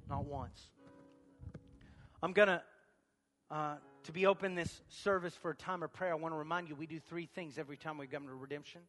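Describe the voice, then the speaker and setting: A man preaching a sermon as pastor of a church, moving from quiet talk to shouted passages. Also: on the high side, steady tone, fast talker, big-room sound, faint music behind.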